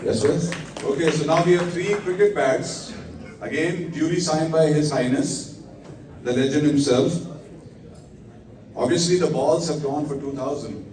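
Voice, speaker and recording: A man calling a live charity auction, coaxing the crowd to raise their bids. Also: medium pitch. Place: event hall. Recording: echoey hall from far off.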